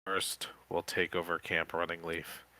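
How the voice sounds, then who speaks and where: A man's voice: low-pitched, completely flat delivery, measured pace, pushed and bright, pitched below the performer's own voice, full character voice. A man voicing a scheming male camp coach who commands zombies, gloating and suspicious.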